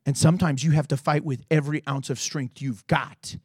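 High-voiced pastor guy preaching, dry close sound, acts out every quote. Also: brisk, husky, dry recording. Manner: animated preaching, acting out quotes with big swings in voice. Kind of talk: sermon. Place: church.

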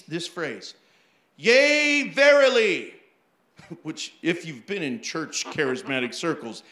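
A male pastor with a high, bright voice tells funny church stories from the pulpit. He acts out the people in them and laughs along as he goes. His voice rings around a roomy, echoing space. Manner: animated, acts out quotes, laughs often. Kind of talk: storytelling sermon.

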